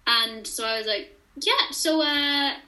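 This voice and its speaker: A woman's voice: high-pitched, brisk, roomy sound, low-quality recording. A young woman telling a story in casual chat, acting out the quoted dialogue. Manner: animated storyteller who acts out quoted dialogue. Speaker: interview guest.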